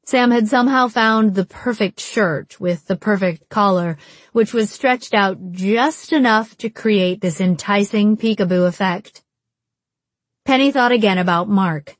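Slow, dry-voiced woman narrator. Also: mid-range voice, no echo. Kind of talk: scripted audiobook narration.

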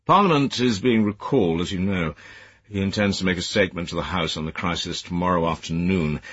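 A man's voice: low voice, brisk, a bit bright, breathy edge, no room sound, lo-fi sound. A man voicing a stern older former soldier, a senior private secretary who speaks in clipped, commanding, disapproving tones.

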